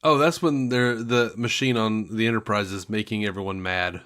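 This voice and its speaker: A man's voice: on the low side, fairly even intonation, normal speed, fairly bright tone. A man co-hosting a podcast in casual chat, talking with eager enthusiasm about favorite moments. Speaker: podcast co-host. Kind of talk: casual chat reviewing a TV episode.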